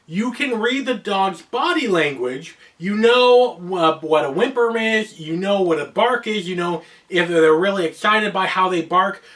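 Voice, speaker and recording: A man's voice: sits high, expressive, measured pace, hardly any pauses, fairly bright tone, recorded from a distance. An American man from Oregon hosting a casual explainer video in a playful, joking way. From United States (Oregon). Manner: playful, joking, shifts into voices for examples. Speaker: host.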